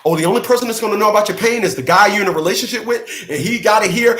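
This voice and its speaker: A man's voice: sits high, racing, few pauses, a bit bright. A man hosting his own channel, delivering a blunt, profane, preachy rant straight to his viewers. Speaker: channel host. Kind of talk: rant monologue to camera.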